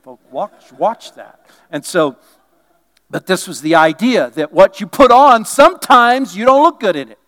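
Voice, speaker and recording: Middle-aged male pastor, fairly high voice, animated sermon delivery with playful asides. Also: moderate pace. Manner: animated, swinging from loud bursts to quiet asides, joking.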